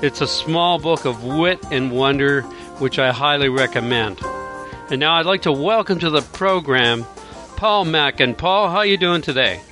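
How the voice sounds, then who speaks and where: A man's voice: a little high, animated, normal speed, over music. A man hosting an author interview show, formally reading an introduction and asking questions. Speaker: host.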